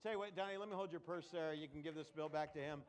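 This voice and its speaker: A man's voice: fairly high pitch, very fast. A man performing a live comedy magic show, joking with volunteers from the audience between tricks.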